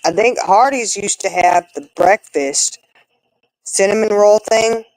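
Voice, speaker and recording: A woman, telling stories in a relaxed chat among friends. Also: a little slow, dry recording, poor audio. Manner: chatty storyteller, animated with big swings in pitch. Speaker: co-host. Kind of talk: casual chat.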